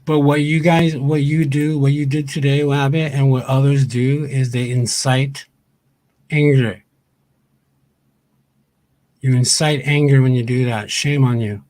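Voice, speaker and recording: A man's voice: mid-range voice, steady tone, a little slow, pauses often, darkish tone, no room sound. A man ranting on a livestream, angry and profane, repeating his points over and over. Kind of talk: heated livestream rant.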